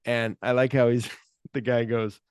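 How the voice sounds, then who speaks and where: A man's voice: mid-range voice, a little slow, smooth, dry recording, clean studio sound. A man co-hosting a podcast, chatting casually about a film, acting out scenes, swearing freely and humming the music cues. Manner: animated retelling, acts out scenes and hums music cues. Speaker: podcast co-host.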